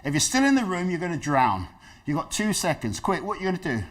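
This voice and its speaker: A middle-aged man leads a dementia awareness session. His pitch swings widely as he tells stories, and he slips into the voices of the people in them. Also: fast. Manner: lively storytelling, acts out quoted voices. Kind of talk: health talk to an audience.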